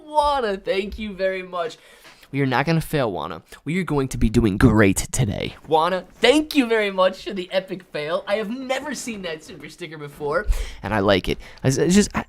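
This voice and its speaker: A male streamer chatting with his viewers in a loose, slangy way, dropping "man" and "dude" into his sentences. His pitch swings widely, so he sounds lively and animated. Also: moderate pace, slight background noise. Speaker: livestream host reading chat. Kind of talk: casual live-stream chat.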